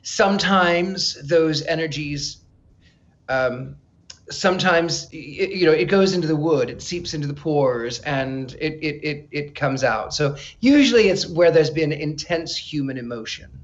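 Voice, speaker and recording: A man's voice: on the high side, unhurried. Chatty man telling stories, dull sound. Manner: animated, chatty, frequent stammered restarts. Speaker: psychic guest. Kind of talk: casual interview storytelling.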